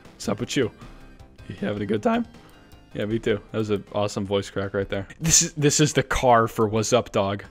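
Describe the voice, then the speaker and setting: A man giving playful, joking gameplay commentary, excitable and often jumping up into a high voice when baffled. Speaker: gaming YouTuber.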